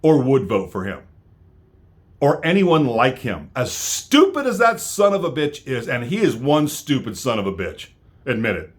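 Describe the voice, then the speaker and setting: A man's voice: mid-range voice, huge pitch swings, moderate pace. An American man delivering an angry political rant straight to his viewers, heated and full of stammering restarts. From United States. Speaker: vlogger.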